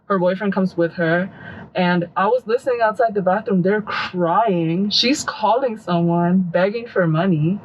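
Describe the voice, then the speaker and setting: A woman's voice: mid-range voice, a little slow, highs cut off, a little hiss or hum. A woman tattoo artist on a podcast, telling stories casually and acting out what people said. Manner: animated, acts out quoted voices. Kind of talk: casual storytelling.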